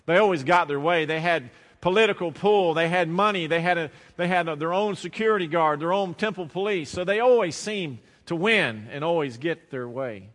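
A man with a Southern American accent preaching a sermon, telling stories and slowing down or dropping to a hush to stress a point. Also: fairly high pitch, animated. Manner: storytelling preacher, slows and drops to a hush for emphasis. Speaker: pastor. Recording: long reverb of a large hall.

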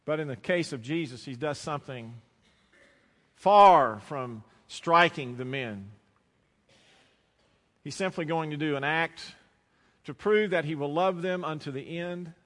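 A man with a Southern American accent preaching a sermon, telling stories and slowing down or dropping to a hush to stress a point. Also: fairly high pitch. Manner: storytelling preacher, slows and drops to a hush for emphasis. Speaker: pastor. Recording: long reverb of a large hall.

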